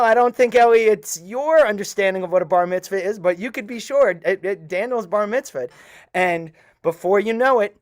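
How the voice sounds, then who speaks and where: A middle-aged man telling a personal story to a live audience, earnest and halting with many pauses. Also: high voice. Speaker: storyteller at a community event.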